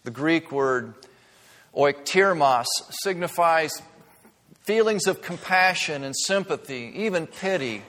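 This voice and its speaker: A man's voice: on the high side, animated, slow pace. Earnest male pastor in a reverberant church. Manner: earnest teaching, rising emphasis and hushed asides. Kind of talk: sermon. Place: church sanctuary. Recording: long reverb of a large church.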